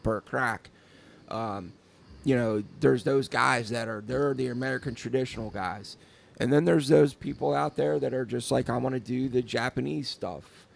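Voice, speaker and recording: A man chatting loosely on a podcast about tattooing, circling back with stumbles and fillers. His voice has a gravelly fry at the bottom, set at a middle pitch for a man. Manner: rambling, repeats words, many fillers. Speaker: podcast co-host, tattoo artist. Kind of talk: casual chat.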